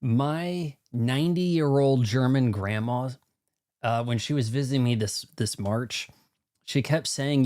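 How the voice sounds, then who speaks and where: A man's voice: medium pitch, a little slow, darkish tone. A young man streaming a video game live, chatting casually with viewers in a rambling, self-mocking way. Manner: rambling, self-deprecating, talks to chat.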